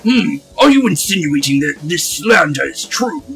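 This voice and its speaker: A man voicing a pompous, vain older male art master in a game, speaking slowly and sternly, with soft game music behind. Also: fairly high pitch, sing-song, creaky, exaggerated voice, poor audio. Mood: haughty. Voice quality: slow, haughty and stern.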